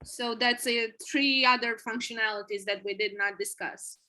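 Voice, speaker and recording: A woman's voice: fairly high pitch, steady tone, moderate pace, bright, forceful tone, low-quality recording. A woman on a team video call, going through app features point by point in a methodical way. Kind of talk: casual work meeting.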